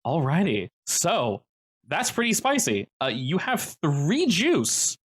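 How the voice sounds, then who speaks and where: A man's voice: fairly high pitch, huge pitch swings, takes it slowly, husky. A man running a tabletop role-playing game as game master, explaining rules and describing scenes with many fillers.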